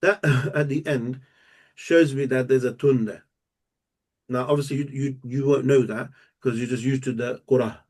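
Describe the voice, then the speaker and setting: A man teaching a live language lesson, explaining step by step and repeating words slowly and patiently. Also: medium pitch, steady tone, dark tone. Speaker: Arabic teacher.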